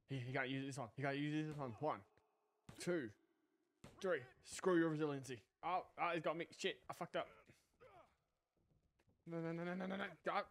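A man commentating his own wrestling video game match. He is excitable, swears, and shouts at the game. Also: fairly high pitch, slight background noise. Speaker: gaming channel host. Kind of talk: live gameplay commentary.

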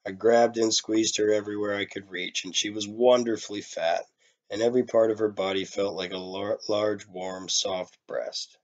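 Low-voiced man reading a story. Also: steady tone, moderate pace, dull audio. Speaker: reader. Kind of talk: reading a short story aloud.

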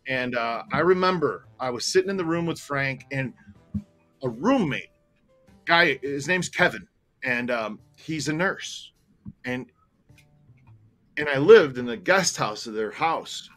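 A man with a bright, forceful voice tells a long story in loose conversation. He rambles, circles back, and swears freely, and his feelings show as he goes. Faint music sits low behind him. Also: lively intonation, a little slow, long pauses. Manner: candid, rambling, swears freely, grows emotional. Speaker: tour operator telling a story. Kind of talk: casual storytelling chat.

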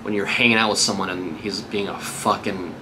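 A man's voice: lowish voice, steady tone, fairly quick, background noise. A man working as a real estate agent, giving a casual, upbeat tutorial on cold calling between live calls.

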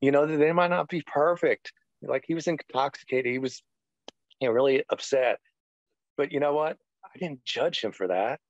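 A man's voice: mid-range voice, normal speed, dry recording. A middle-aged man, a retired pastor, giving a personal testimony in an interview, rambling earnestly with lots of "you know". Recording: dull, dry lo-fi sound.

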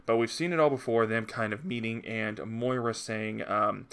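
A man talks through a comic book review in a casual vlog. His lowish voice is gravelly and bright, and he sounds eager as he chats along with plenty of ums and uhs. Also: fairly even intonation, normal speed. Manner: enthusiastic, chatty, frequent uh and um fillers.

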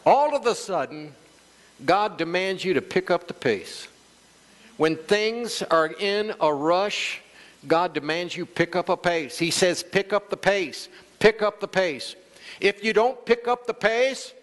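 A man's voice: high-pitched, a bit bright. A male pastor preaching a sermon, calling out to the congregation and acting out quoted voices. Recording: long church hall reverb.

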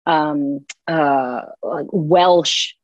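A woman's voice: deep voice, steady tone, drawn-out words, dry recording. A woman audiobook narrator chatting as an interview guest, talkative and laughing easily. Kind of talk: casual interview chat. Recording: dull, dry sound.

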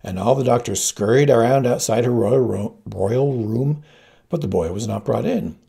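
A man reading a story aloud, narrating in a gravelly voice and giving each character its own pitch. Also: moderate pace. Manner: reads all characters with shifting pitch, quiet narration tags. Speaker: audiobook reader. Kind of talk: scripted narration.

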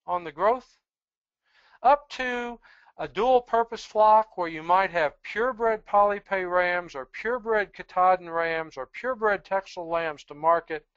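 Brief: measured lecturer, plain talk, mid pitch, dull dry audio over a computer mic. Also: a bit bright, no echo. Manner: measured, explanatory, plain-spoken. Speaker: presenter on sheep breeding genetics. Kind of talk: webinar lecture with slides.

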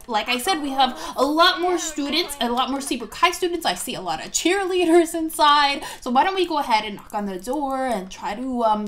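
A woman hosting a casual let's-play video, chatty and excitable, gasping often at what happens in the game. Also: high-pitched. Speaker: gaming video host.

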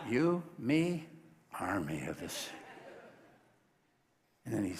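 A man's voice: medium pitch, very animated, slow pace, pauses often, a little mellow, big-room sound, slight background noise. A man preaching a sermon, telling a Bible story in a folksy, joking way and acting out the voices. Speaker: pastor. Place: large church sanctuary.

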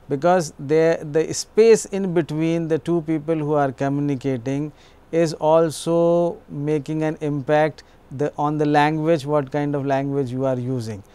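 A man's voice: a little high, dark tone, clean tone. A man giving an explanatory educational lecture, repeating himself now and then with small restarts.

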